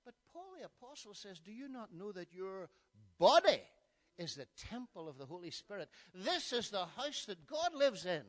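A man in his sixties with a Northern Irish accent, preaching a sermon and moving between hushed storytelling and loud, emphatic preaching. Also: high-pitched, big pitch swings, normal speed. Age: 60s.

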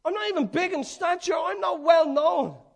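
A man's voice: very high voice, normal speed, vocal fry, pitched above the performer's own voice. A man voicing a humble, unsure young boy prophet in a pleading tone.

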